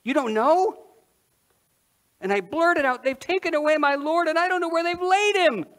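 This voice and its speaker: Mary Magdalene, grieving and awestruck. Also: male voice, high voice, measured pace, full character voice. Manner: expressive, asks the listeners questions directly. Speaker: preacher in a first-person dramatic monologue. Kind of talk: dramatic first-person storytelling sermon.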